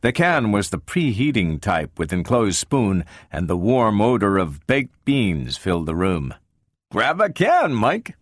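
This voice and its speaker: Low-voiced man, expressive audiobook narrator. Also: unhurried, few pauses, no echo, studio quality. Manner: expressive, varied storytelling delivery.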